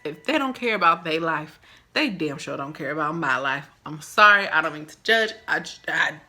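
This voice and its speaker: A woman vlogger telling a storytime about a stay in jail, animated and acting out the voices of the people she quotes. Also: low voice, moderate pace. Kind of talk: storytime vlog.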